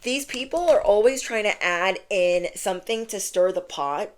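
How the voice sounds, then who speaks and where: A woman's voice: mid-range voice, expressive, moderate pace, slight background noise. A young woman giving a casual spiritual tarot reading and talking to viewers in a chatty, emphatic way. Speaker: tarot reader.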